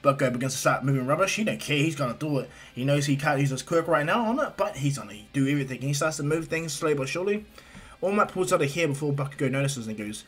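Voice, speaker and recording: A man's voice: fairly high pitch, animated, fast talker, a bit bright, husky. A man casually retelling a fan story, rambling with fillers and restarts.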